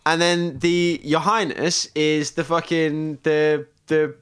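A man player in a tabletop game podcast, chatting casually in a rambling, halting way and swearing freely. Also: a little high, fairly even intonation, a bit bright, clear, resonant tone.

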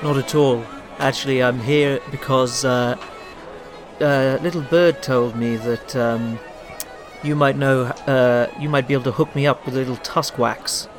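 A man's voice: medium pitch, fairly even intonation, a little slow. A man playing a tabletop role-playing game, hesitant with many fillers. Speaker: player. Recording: music playing behind.

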